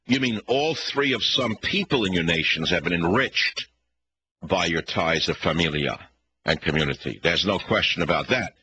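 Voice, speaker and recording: Combative Bronx-accented radio host. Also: male voice, deep voice, animated, moderate pace, pushed and bright, breathy edge, poor audio. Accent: New York (Bronx). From the Bronx, New York. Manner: combative, ranting with rhetorical questions. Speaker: radio talk show host. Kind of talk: talk radio monologue.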